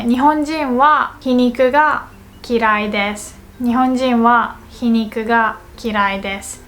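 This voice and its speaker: Lively woman teaching a language lesson. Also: a little high. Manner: lively, repeats example sentences twice, slows on key words. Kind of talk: casual online language lesson.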